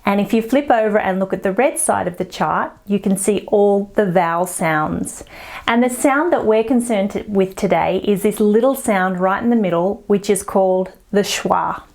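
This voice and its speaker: An Australian woman teaches an online English lesson in an encouraging tone. She models everyday phrases slowly and carefully. Her voice sits in a middle range. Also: mid-range voice, a little mellow.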